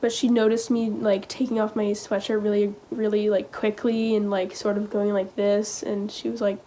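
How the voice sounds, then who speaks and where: A teenage girl vlogging, telling a personal story in a halting, casual way full of "like" and "um.". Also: mid-range voice, flat delivery, dark tone, slight background noise. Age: teens. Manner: hesitant, halting, heavy use of "like" and "um".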